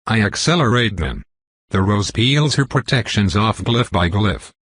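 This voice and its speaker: Male narrator, deep and breathy, dry close read; clipped, intense dramatic delivery. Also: lively intonation, a little slow, fairly bright tone, no echo. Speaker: audiobook narrator. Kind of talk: first-person fiction narration.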